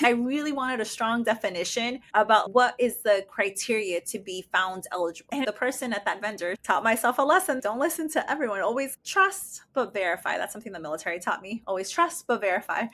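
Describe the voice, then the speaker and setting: Slightly high and somewhat bright, this middle-aged woman's voice carries her personal podcast. She hosts it as the mother of a disabled daughter and speaks casually, emotionally and enthusiastically.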